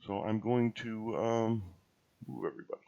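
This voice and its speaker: A man running a tabletop game as dungeon master, narrating in an unhurried, halting way with many pauses. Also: lowish voice, creaky, warm tone, dull audio.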